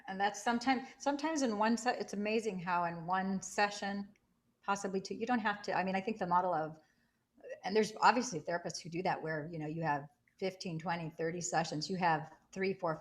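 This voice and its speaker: A woman hosting an interview, making her points emphatically and persuasively. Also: lowish voice. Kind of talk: interview conversation.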